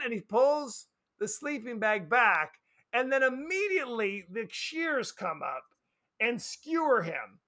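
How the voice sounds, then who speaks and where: Animated high-voiced man podcast host. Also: unhurried. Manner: animated, acts out scenes with exaggerated voices. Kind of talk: casual movie chat.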